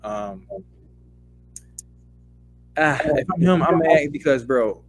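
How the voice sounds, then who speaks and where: A man co-hosting a casual sports podcast, heated and profane, his voice climbing into loud rants. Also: fairly high pitch, expressive, slow pace. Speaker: podcast co-host.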